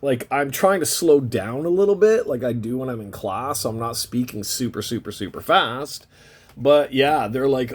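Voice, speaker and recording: Card-break host, male, husky voice, lively rambling pitch, stretches out phrase endings, casual cursing. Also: normal speed. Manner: draws out the ends of phrases; rambling, chatty, swears casually. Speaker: card-opening channel host. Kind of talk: casual chat while opening trading cards.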